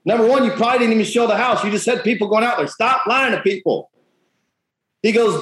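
A blunt male sales coach with a high voice hammers his points home, swearing freely and talking fast. His voice rings in an echoey room. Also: a bit bright. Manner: blunt, profane, punchy. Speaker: real estate coach. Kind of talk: motivational talk.

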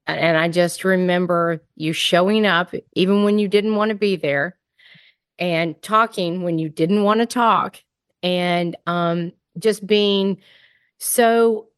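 A woman's voice: on the low side, smooth, dry recording. A woman hosting a podcast interview, candid and empathetic, relating her own experiences to her guest. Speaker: podcast host. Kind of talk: interview conversation.

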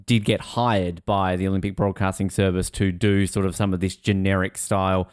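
A man co-hosting a podcast in casual chat, animated and swearing, laughing and mimicking people as he talks. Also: deep voice, normal speed, clear, resonant tone, no room sound, studio quality. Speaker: podcast co-host.

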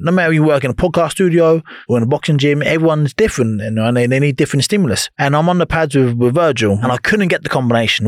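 A man chatting as a guest on a podcast, telling stories with lively energy and swearing freely. He acts out what others said to him. The sound is dry and close, as in a small studio. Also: mid-range voice, no room sound. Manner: animated storyteller, swears freely, acts out quotes. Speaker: podcast guest, former boxer. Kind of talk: casual podcast chat.

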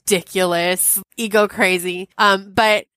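Woman, podcast guest, wry animated storytelling, mid pitch, dry sound. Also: unhurried, no room sound. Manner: chatty, wry and animated, with many asides. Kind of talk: storytelling in an interview.

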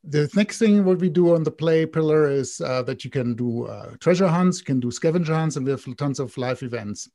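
A man's voice: a little high, lively intonation, a little fast, few pauses, mellow, no echo, clean studio sound. A man with a German accent, a guest in an interview, explaining at length with frequent ums and restarts. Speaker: guest, game co-founder.

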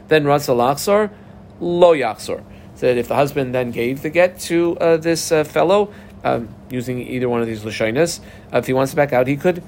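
A man's voice: medium pitch, a little hiss or hum. A man teaching a Talmud passage, methodically reading Aramaic phrases, translating them and telling learners how to mark up the text. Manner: methodical, guides text markings step by step. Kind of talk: text study lesson.

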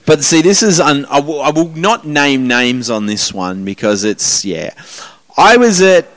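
A man's voice: on the high side, very animated, unhurried, a bit bright. A man telling rambling, self-mocking stories as a podcast host in casual chat.

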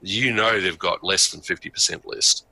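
A wry male co-host explains the fine details with quick jokes. His voice sits low but cuts through, sharp and forceful. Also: creaky, low-quality recording. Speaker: podcast co-host. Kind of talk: casual panel chat.

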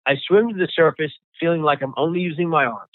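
A man recounts his own survival story as an interview guest, often halting and repeating words. His voice comes through a thin, phone-like line. The sound is dry and close, with no room around it. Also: on the high side, no echo.

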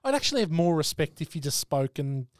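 A man hosts a casual film podcast in a fairly high voice. He talks bluntly and swears freely. The sound is dry and close. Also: very animated, fast talker, dry recording. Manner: blunt, sweary, leads the segments. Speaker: podcast host.

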